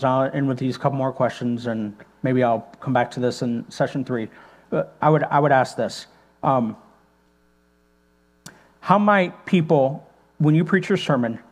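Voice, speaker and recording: A male pastor giving a conversational teaching to preachers, thinking aloud with many rhetorical questions and fillers. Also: fairly high pitch. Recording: long hall reverb with mains hum.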